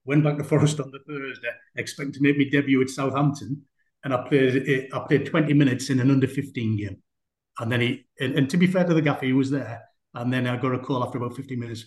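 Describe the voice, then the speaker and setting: A man's voice: medium pitch, fairly even intonation, fast. A man, a former footballer telling rambling anecdotes in an interview. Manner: chatty, rambling, with many fillers. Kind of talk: anecdotal storytelling in a conversation. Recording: roomy echo.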